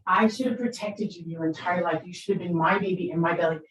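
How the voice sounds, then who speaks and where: Middle-aged lady telling parenting stories, animated, kinda low voice, far off the mic. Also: quick pace. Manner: animated, conversational, tag questions. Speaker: parenting speaker. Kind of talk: storytelling talk. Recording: echoey room, distant mic.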